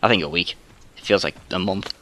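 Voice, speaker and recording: A man's voice: sits low, fairly quick, pushed and bright, dry recording. A young Englishman ranting on his gaming channel, rambling and sweary, full of filler words and trailing asides. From England. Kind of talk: ranting monologue.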